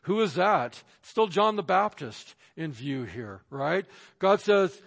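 A man's voice: high-pitched, sing-song, slow, creaky, a bit bright, breathy edge. Emphatic male pastor in a reverberant hall. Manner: emphatic, acts out quoted voices. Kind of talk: sermon. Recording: long reverb of a large hall.

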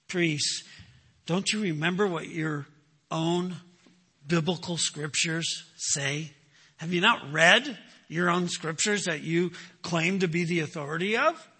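A man's voice: on the high side, sharp tone, husky, in a large hall. A man preaching a sermon, emphatic, asking rhetorical questions and answering them himself. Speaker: pastor.

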